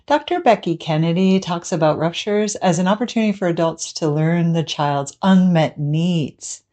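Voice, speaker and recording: Brief: woman therapist, measured explanatory delivery, lowish mellow voice. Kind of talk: scripted educational talk.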